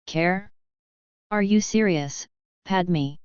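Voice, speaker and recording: A woman's voice: on the low side, drawn-out words, darkish tone, smooth, dry recording, lo-fi sound. A woman voicing a furious young fallen knight. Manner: angry, bitter. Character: furious young man turned to darkness.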